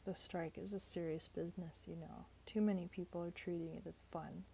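A woman reading aloud, voicing an earnest young man who talks stuffily and pleads softly. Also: lowish voice, fairly even intonation, brisk, vocal fry, a little hiss or hum, low-quality recording. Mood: stuffy. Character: earnest young male striker, eager.

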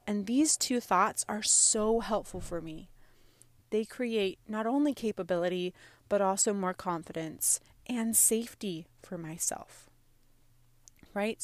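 A woman's voice: mid-range voice, dry recording. A woman in her thirties talking casually about emotions and self-care, using lots of "like" and "right?". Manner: conversational, frequent "like" and "right?". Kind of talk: casual self-help talk.

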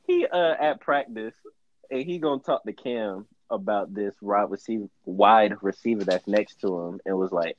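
A man's voice: on the low side, moderate pace, no echo, highs cut off. A man in casual sports chat, telling stories with lots of laughter and acted-out quotes. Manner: animated storyteller, laughs often, acts out quotes.

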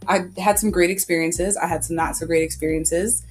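A woman's voice: on the low side, brisk, soft background music. A young woman talking as a podcast guest in a casual chat, telling stories animatedly with lots of "like" and frequent laughter. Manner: animated storyteller, heavy use of "like", laughs often.

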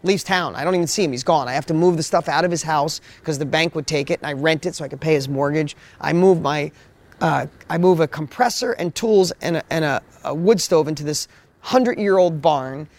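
A man telling his story on a motivational panel, energetic and full of repeated words. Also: fairly high pitch, brisk. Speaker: business coach.

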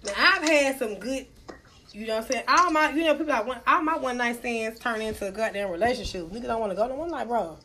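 Loud, brash high-voiced woman. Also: expressive, quick pace. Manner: loud, brash storytelling, cussing freely. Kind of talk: casual podcast chat.

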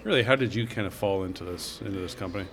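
Low-voiced chatty podcast host. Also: male voice, racing, a little hiss or hum. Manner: relaxed, chatty, laughs easily. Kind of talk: podcast interview.

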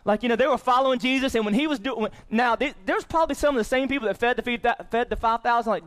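A male pastor preaching a sermon in an animated way, swinging into loud excited bursts and repeating words as he restarts. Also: extremely high pitch, quick pace, hardly any pauses.

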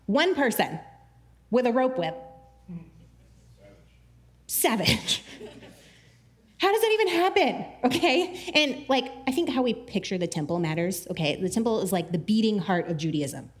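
Lady doing a chatty bible talk, kinda high voice, lots of "like", laughs a bunch. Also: measured pace, pauses often. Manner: chatty and animated, many "like" fillers, laughs often. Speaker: Bible teacher. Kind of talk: casual Bible teaching.

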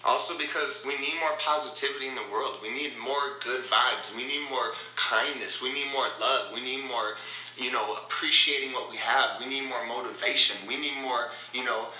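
A man's voice: medium pitch, fairly even intonation, normal speed, pushed and bright, echoey room, a little hiss or hum, poor audio. A man hosting a motivational podcast, talking in an upbeat, rambling way and repeating his phrases. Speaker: podcast host. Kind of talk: casual motivational talk.

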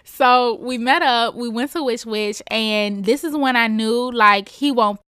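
A young woman hosting a podcast, telling a personal story in a chatty, slangy, animated way. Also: a little high, measured pace, clear, resonant tone, dry recording, studio quality. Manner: chatty, animated, slangy, talks straight to listeners. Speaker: podcast host. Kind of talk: casual confessional storytelling.

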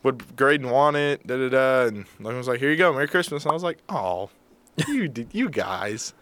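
A young man, a podcast co-host, telling a story in casual chat; animated, acting out quotes and mocking himself. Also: medium pitch, a little fast, no room sound.

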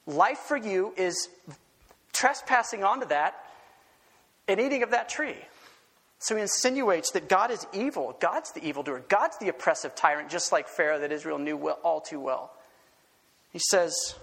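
Preacher with booming hall reverb. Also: male voice, normal speed. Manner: animated, rhetorical questions, emphatic. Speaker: pastor. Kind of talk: sermon.

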